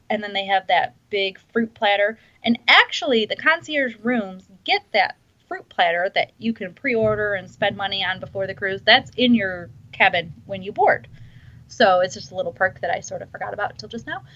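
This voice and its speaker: A woman's voice: medium pitch, moderate pace, fairly bright tone. A woman chatting casually on a podcast, enthusiastic and restarting her sentences often. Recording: dull lo-fi sound.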